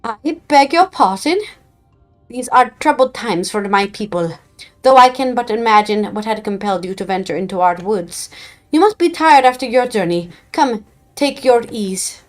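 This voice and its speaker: A woman's voice: fairly high pitch, lively intonation, soft background music, lightly acted. Woman doing a stately forest chieftainess. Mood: gracious. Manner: formal, measured delivery in a put-on accent. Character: stately female forest chieftainess, formal and gracious. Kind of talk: reading game dialogue aloud in character.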